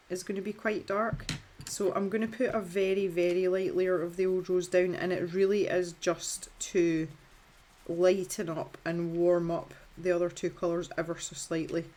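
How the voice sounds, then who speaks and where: A Scottish woman, thirties, gives a relaxed colouring tutorial in a chatty, self-mocking way, with fillers and false starts. The pitch is fairly low and the tone darkish, and there's slight background noise.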